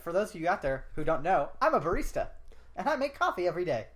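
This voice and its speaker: A male podcast co-host in relaxed, casual conversation. He jokes around, teases his co-host, and laughs easily between remarks. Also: high-pitched, fast talker. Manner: joking, laughs often, playful teasing. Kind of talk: casual chat.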